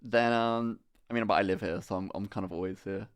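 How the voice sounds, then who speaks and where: This young man's voice runs on the low side, smooth and fairly quick. Live-streaming, he chats easily with viewers and tells a swear-filled, animated story, breaking into laughter frequently.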